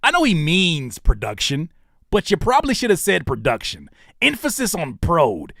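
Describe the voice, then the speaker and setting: Man, 30s, comedic rant, mocking, teasing, sudden loud outbursts, wildly swinging pitch, dry close sound. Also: huge pitch swings, normal speed, creaky, no echo. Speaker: rapper and YouTuber reacting to comments.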